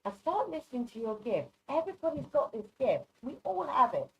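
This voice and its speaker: A woman's voice: high-pitched, sing-song, fairly quick, gravelly, highs cut off. A woman doing live psychic readings over a video call, affectionate and chatty, calling people darling. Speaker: psychic reader.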